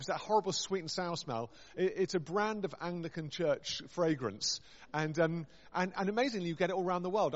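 A man, a vicar, preaching a chatty, humorous story-based sermon with self-deprecating asides. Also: fairly high pitch. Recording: dull sound with long hall reverb. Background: long reverb.

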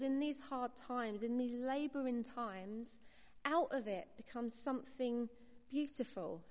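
A woman preaching a sermon, earnest and encouraging, her voice sitting a little high. She speaks in measured phrases with pauses. The recording is slightly muffled, with a long reverb from a large hall.

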